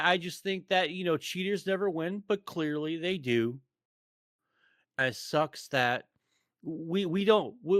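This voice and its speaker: A man's voice: a little high, pushed and bright, dry recording, studio quality. A man co-hosting a casual podcast, ranting sarcastically with lots of stammers and restarts. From United States. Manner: rambling, stammering, sarcastic rant. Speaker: podcast co-host. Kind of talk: casual chat.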